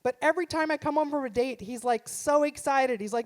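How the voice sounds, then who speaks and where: A middle-aged woman doing stand-up live in a theater, her voice sitting a touch high for a woman. She talks punchy and self-deprecating into a stage mic. Now and then she acts out her own son in a put-on voice. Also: brisk, hardly any pauses. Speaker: stand-up comedian. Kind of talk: stand-up comedy set.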